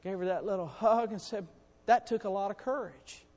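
A man preaching a sermon to his congregation, in a folksy, animated way with calls for amens. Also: high voice, normal speed. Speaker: pastor. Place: church sanctuary. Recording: long reverb in a church hall.

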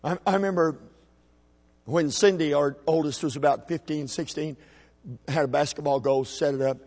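A middle-aged man preaching a sermon as a pastor, folksy and emphatic, with shouted peaks. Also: fairly high pitch, fairly even intonation, moderate pace, big-room sound. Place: church sanctuary.

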